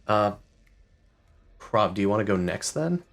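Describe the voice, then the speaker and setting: A man's voice: fairly low pitch, very animated, a little slow. A man acting as game master, loosely describing scenes and making rules calls. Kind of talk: running a tabletop game.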